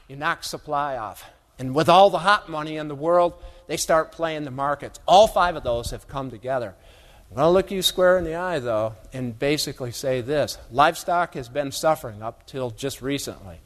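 A man's voice: on the high side, normal speed. A man giving a humorous, folksy keynote talk on agricultural economics to a live audience, full of stories and asides. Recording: long hall reverb.

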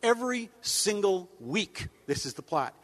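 A man giving a comic speech to a crowd of farmers, deadpan and rambling, with sudden mock-outraged jumps in pitch. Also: a little slow. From United States. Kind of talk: stand-up style speech to an audience. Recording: long hall reverb.

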